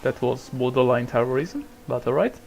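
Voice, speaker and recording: A man's voice: mid-range voice, animated, normal speed, creaky, a little hiss or hum. Swearing casual gaming commentator man. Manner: swears a lot, rambling, bursts into shouting at drivers. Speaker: gamer commentating a racing management game. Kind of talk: casual let's-play commentary.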